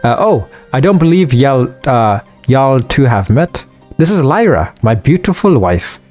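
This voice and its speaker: A man putting on a rough Scottish accent to voice a jovial, hearty dwarf miner from a fantasy game. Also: mid-range voice, very animated, measured pace, darkish tone, faint music behind. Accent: put-on Scottish. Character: gruff middle-aged male dwarf miner, jovial.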